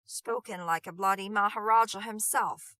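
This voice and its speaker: A woman voicing a stern young man with a gruff Cockney accent who talks loud and blustering. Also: mid-range voice, normal speed, dry recording, close to an everyday voice. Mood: indignant.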